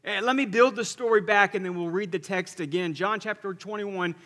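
A male pastor preaches in a church sanctuary, telling the story in an animated way and moving from loud to hushed. His voice is high and bright. A long reverb rings through the hall. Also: fairly quick. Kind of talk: sermon.

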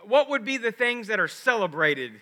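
A man preaching from the pulpit with a high, bright voice that rings through a big sanctuary. He builds his points with emphatic rhetorical questions. Long reverb trails each phrase. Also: sing-song, moderate pace. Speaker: pastor. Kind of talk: sermon. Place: large church with a balcony.

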